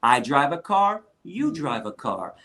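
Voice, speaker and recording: Speaking a little slowly but very animated, a middle-aged guest lecturer and activist uses a high-side voice that sounds pushed and bright as he tells interview stories. His style is blunt, profane, and fired-up, acting out what others said.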